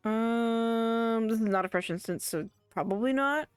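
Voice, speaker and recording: A woman's voice: a little high, measured pace, clear, resonant tone, dry recording. A giggly, chatty woman streams a game live, her throat a little sore, joking to herself between quests. Her voice is close and dry, with faint game music playing underneath. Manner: giggly, chatty, self-mocking. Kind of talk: casual live gaming stream.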